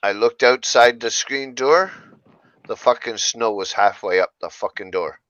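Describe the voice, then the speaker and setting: A man's voice: medium pitch, a little slow, a bit bright, no room sound. A man from Canada joking around in casual chat, swearing freely. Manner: joking, profane. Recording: dull dry lo-fi audio.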